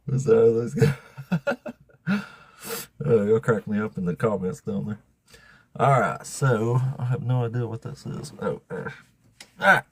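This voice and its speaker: A man's voice: on the low side, slow, pauses often, breathy edge, dry recording. A man hosting a livestream debate show, joking and laughing often.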